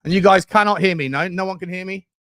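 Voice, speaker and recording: A man's voice: high-pitched, fast talker, fairly bright tone. A man hosting a live football watchalong, ranting and chatty, exasperated with his team. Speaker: football fan channel host.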